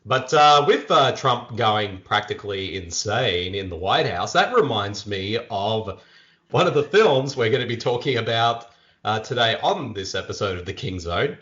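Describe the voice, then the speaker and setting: A man's voice: on the low side, animated, normal speed, a bit bright, lo-fi sound. An Australian man hosting a casual podcast chat, upbeat and talkative, often restarting his sentences. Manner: upbeat, chatty, frequent restarts and fillers. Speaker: podcast host.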